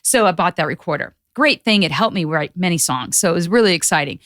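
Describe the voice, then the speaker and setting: A woman guest on a podcast, chatting casually and acting out quotes with lively voices. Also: lowish voice, fast, no room sound, studio quality. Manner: animated storyteller acting out quotes. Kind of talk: casual chat.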